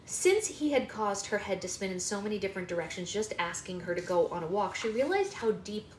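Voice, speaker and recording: Expressive and fairly quick, her mid-range voice carries a home book-club read-aloud on a phone livestream, broken up by playful, coaxing baby-talk with her toddler. A little hiss or hum sits under the roomy echo.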